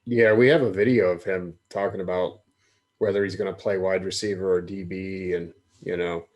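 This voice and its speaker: A man hosts a casual sports podcast in an easygoing way, steering the chat with loose questions. His voice sits a little low. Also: fairly even intonation, moderate pace, a little mellow, lo-fi sound. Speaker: podcast host.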